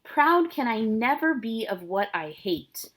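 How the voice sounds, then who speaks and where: A woman reading the part of a defiant teenage noble girl who refuses a marriage, speaking the verse slowly and with emphasis. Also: fairly high pitch, big pitch swings, a bit bright, exaggerated voice. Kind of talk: dramatic reading of a play.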